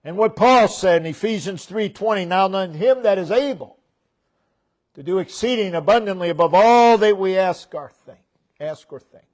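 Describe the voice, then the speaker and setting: A man preaching a sermon in a church, repeating key phrases with emphasis and letting his line endings fall low and soft. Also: normal speed.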